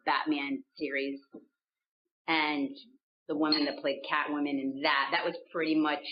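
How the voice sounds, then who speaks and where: Woman, 40s, voice actress guest; low-ish, animated, stumbling restarts; muffled lo-fi audio. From United States. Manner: animated, laughing, searching for words with many restarts. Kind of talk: casual interview chat. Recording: dull lo-fi sound.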